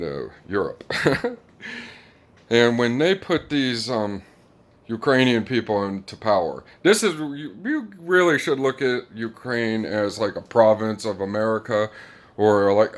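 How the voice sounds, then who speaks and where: A man delivering a rambling casual monologue, chuckling often and filling pauses with "like" and "um". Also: lowish voice. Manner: rambling, chuckling, many fillers. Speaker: commentator.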